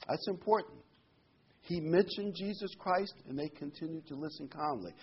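A man teaches a Bible study, reading scripture aloud and then explaining it in loose, casual asides. His voice sits somewhat high for a man and has a husky edge. The recording sounds dull and lo-fi. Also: normal speed.

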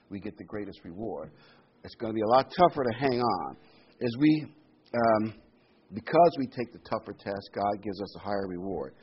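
A man giving a sermon, hammering his key words and repeating them, with sudden loud bursts of stress. His voice sits at an ordinary middle pitch. The recording is a little dull and lo-fi, with faint room noise underneath. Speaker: pastor.

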